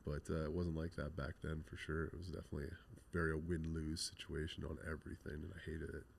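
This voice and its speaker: Deep-voiced blunt man telling his story. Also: quick pace, vocal fry. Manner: blunt, profane, animated retelling with quoted dialogue. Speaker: guest, graffiti artist. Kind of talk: candid interview storytelling.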